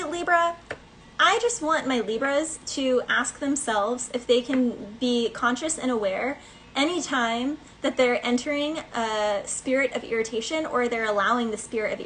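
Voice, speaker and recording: A woman's voice: on the high side, fairly bright tone, slight background noise, low-quality recording. A woman giving a casual collective tarot reading, chatty and rambling, with many fillers and snatches of song. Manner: breaks into bits of song. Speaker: tarot reader.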